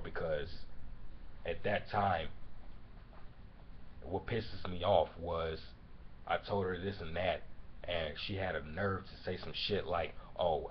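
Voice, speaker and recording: A man venting about a breakup in a profane personal rant, dropping to a low mutter and then building to loud shouting. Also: slight background noise. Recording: dull lo-fi recording.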